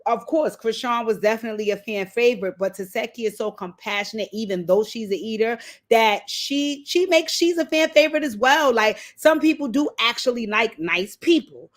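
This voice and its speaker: Animated woman recapping reality TV. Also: fairly high pitch, moderate pace, few pauses. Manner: animated storytelling, acting out quotes. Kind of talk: casual commentary recap.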